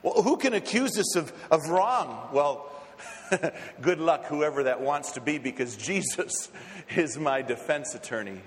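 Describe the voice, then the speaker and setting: A man preaching a sermon as a pastor. He talks with passion, swinging from hushed to loud, and often repeats words as he starts a phrase. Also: on the high side, animated, a little slow, big-room sound, a little hiss or hum.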